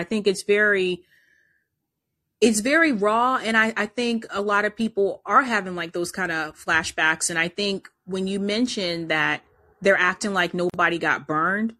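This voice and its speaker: A woman co-hosting a call-in podcast who speaks calmly and reflectively about politics. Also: mid-range voice, normal speed. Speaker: podcast co-host. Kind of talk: political chat.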